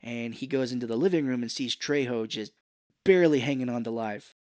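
A man's voice: medium pitch, a little fast, dry recording. Male podcast co-host, mid-range voice, chatty scene-by-scene recapper, dead-dry recording. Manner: animated retelling of film scenes, frequent "he's like". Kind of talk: casual chat.

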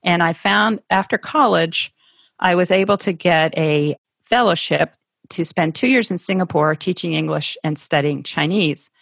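A middle-aged woman from Ohio speaks in a slightly low, thoughtful voice as a conversational interview guest. She pauses and restarts now and then, laughing lightly. The sound is close and dry, with no room echo. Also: creaky, fairly bright tone. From Ohio, USA.

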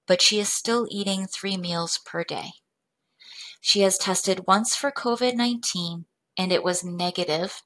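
A woman presenting a medical case study in a measured, clinical way. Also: fairly low pitch, pushed and bright. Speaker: medical educator.

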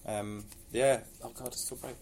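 Halting Glaswegian man co-hosting. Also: mid-range voice, fairly even intonation, darkish tone, a little hiss or hum. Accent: Glaswegian Scottish. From Scotland. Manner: halting, full of ums while reading out messages. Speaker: podcast co-host. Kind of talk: casual chat. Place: podcast studio.

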